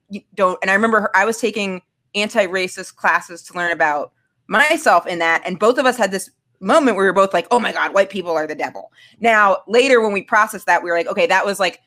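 A young adult woman casually telling a candid personal story, acting out the voices of the people in it. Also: medium pitch. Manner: candid, animated, acts out quoted voices. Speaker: storyteller guest.

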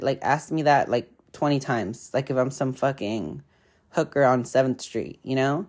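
A woman's voice: rumbling low, normal speed, a little mellow. A young woman hosting a podcast, telling stories in a rambling, profane, casual way full of fillers. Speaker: podcast host. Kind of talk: casual storytelling chat.

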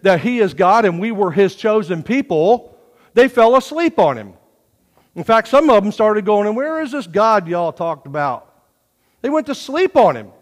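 Animated preacher in a reverberant hall. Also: male voice, high voice. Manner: folksy, animated preaching with sudden swings from hushed to loud. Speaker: pastor. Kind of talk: sermon. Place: church sanctuary.

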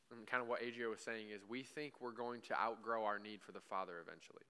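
A man preaching in a church, talking to the room like he's chatting with friends and checking in with "right?" every few lines. His voice is bright and forward, and it stays smooth and clear. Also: fairly low pitch, steady tone, fast talker. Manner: conversational preaching with frequent "right?" asides; acts out imagined dialogue with God. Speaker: pastor. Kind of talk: sermon.

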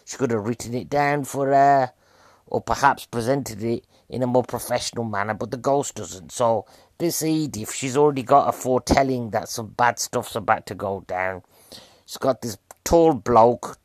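A British man talks through a film review in a casual, cheeky way and keeps asking the viewer questions. His voice sits at a middle pitch. It is recorded close and dry, with no room sound around it. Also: a little mellow, no echo. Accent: British English.

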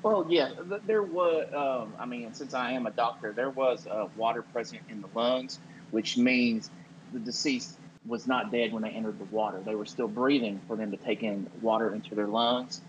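A man playing a self-important small-town doctor who talks in a deadpan, halting way and blurts out acted-out quotes. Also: mid-range voice, lo-fi sound, slight background noise, close to an everyday voice. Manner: deadpan, halting, acts out quotes with sudden loud "What?". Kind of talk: improvised comedy character.

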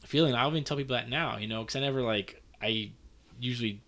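A man's voice: medium pitch, fast talker, fairly bright tone. A man in his thirties talking in a casual, heartfelt, rambling way, with lots of fillers and some swearing. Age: 30s. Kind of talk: casual conversation.

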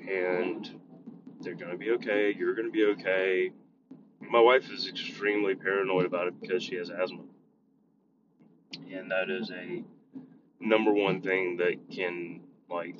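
Male vlogger, school worker, blunt and profane, talking from a moving car; very low voice, dull recording. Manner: blunt, swears freely. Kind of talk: casual rambling vlog. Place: inside a moving vehicle. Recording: dull lo-fi sound with road noise.

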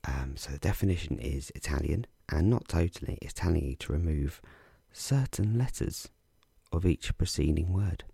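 A man casually explaining crossword clues as a podcast host, relaxed and chatty with frequent ums and restarts. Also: a bass voice, moderate pace, vocal fry, husky, no echo, clean studio sound.

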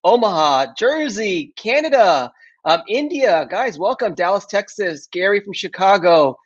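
A man's voice: high voice, very animated, measured pace, husky. A man hosting a live online show, chatting casually with lots of fillers, restarts and laughs. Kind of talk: casual live-stream talk. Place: southern United States. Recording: dull lo-fi sound.

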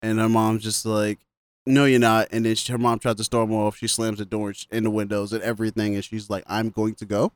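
A man's voice: lowish voice, monotone, quick pace, hardly any pauses, clear, resonant tone, no echo. Laid-back man recapping a movie. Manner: laughs often, quotes characters in passing. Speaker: podcast co-host. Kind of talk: casual movie recap chat.

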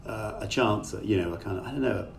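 Talking fast in a lowish, gravelly voice, a middle-aged man who writes books is a guest in a conversational video-call interview. He rambles thoughtfully with many fillers, and the remote call mic sounds distant with faint noise.

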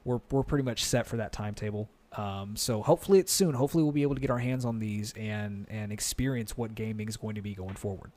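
A man's voice: on the low side, fast, hardly any pauses, warm tone. A man co-hosting a gaming podcast, chatting and laughing as he shares console news and game tips. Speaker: podcast co-host. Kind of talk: casual gaming podcast chat.

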